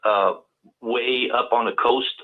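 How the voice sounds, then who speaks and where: A man's voice: medium pitch, fairly even intonation. Cajun southern guy calling in, stumbles and repeats himself, tinny phone sound. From Louisiana, US South. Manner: halting, many repeated words. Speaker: call-in guest. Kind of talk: casual call-in talk. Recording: tinny phone-line audio.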